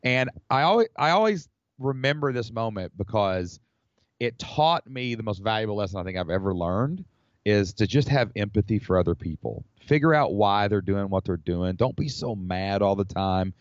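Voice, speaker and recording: A man from the United States, a podcast guest, telling a personal story in an animated, rambling way with lots of fillers. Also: lowish voice, normal speed, no room sound. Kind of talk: casual storytelling. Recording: slightly dull dry recording.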